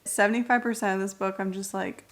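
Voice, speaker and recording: A woman's voice: medium pitch, fairly even intonation, quick pace. A young woman in her twenties chatting casually on her reading vlog at home, blunt and full of fillers, with some swearing. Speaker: book vlogger.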